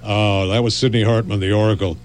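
A man's voice: on the low side, level tone, a little fast, faint music behind. An older man, a veteran radio host, telling rambling stories and often breaking off mid-phrase. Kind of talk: anecdotal storytelling.

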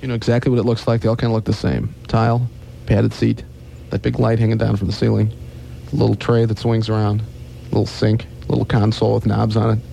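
Gravelly low-voiced man telling jokes. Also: little pitch movement, mellow, slight background noise. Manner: storytelling, doing quick character voices. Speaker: radio morning show host. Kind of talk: joke telling on radio.

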